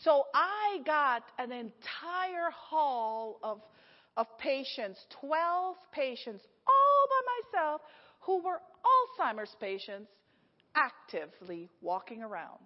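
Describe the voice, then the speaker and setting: A middle-aged woman preaching a storytelling sermon, animated, laughing often and acting out the people in her story. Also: high-pitched, takes it slowly. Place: church hall. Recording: echoey hall, slightly dull sound.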